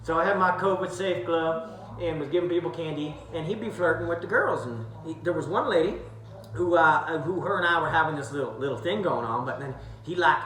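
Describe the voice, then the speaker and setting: A man's voice: a little high, brisk, a bit bright, echoey room, low-quality recording. A young man casually recapping a gathering on camera, rambling and cursing freely, sometimes drifting into put-on accents. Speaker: vlogger.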